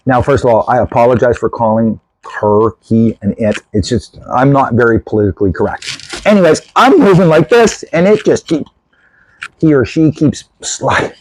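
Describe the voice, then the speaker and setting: A man in casual storytelling mode as host of his own video channel, animated and self-mocking, and sick with a lung infection. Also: mid-range voice, moderate pace, a little hiss or hum, rough recording. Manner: animated, self-mocking, gestures while telling.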